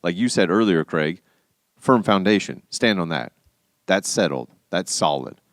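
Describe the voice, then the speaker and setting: Man, 30s, podcast co-host; deep-ish, dry close mic, animated storyteller. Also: unhurried, no echo. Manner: animated, acts out quotes with big pitch jumps. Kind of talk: casual storytelling chat.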